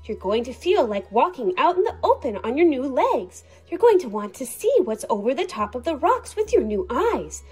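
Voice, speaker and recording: A woman's voice: high-pitched, sing-song, normal speed, few pauses, a little mellow, breathy edge, faint music behind, full character voice. A woman voicing a group of cautious, fearful crabs in a storybook read-aloud, anxious and warning.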